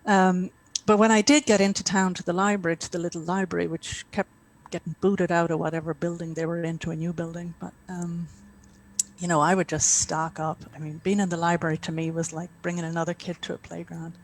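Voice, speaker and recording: A woman's voice: on the low side, flat delivery, fairly quick, slight background noise, rough recording. A middle-aged woman from Ireland with an Irish accent, a guest author chatting in an interview with easy asides. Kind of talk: casual interview chat.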